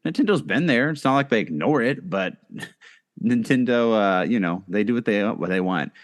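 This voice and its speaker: Casting note: man, lowish voice, casual podcast co-host, rambles with ums and restarts. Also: animated, normal speed. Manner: rambling, many fillers and restarts.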